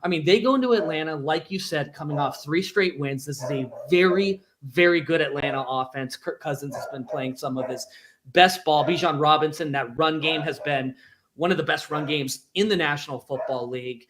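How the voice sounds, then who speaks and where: Upbeat male sports co-host, higher voice. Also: a crowd in the background. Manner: upbeat, emphatic, quick bursts of speech. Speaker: podcast co-host. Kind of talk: sports talk show.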